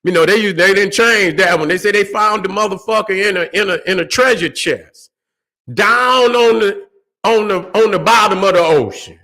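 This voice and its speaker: A man's voice: high voice, normal speed, bright, forceful tone. A man hosting his own channel, giving a profane, casual, preachy rant with fiery repetition. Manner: fiery, preachy, swears freely, repeats words. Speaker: channel host.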